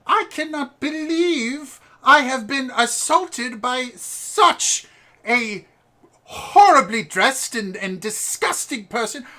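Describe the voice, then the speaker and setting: A man's voice: lively intonation, slow pace, sharp tone, heavily acted. A man voicing a pompous, posh young aristocratic boy who is haughty and indignant in a tabletop game. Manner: haughty, indignant, shrill outbursts.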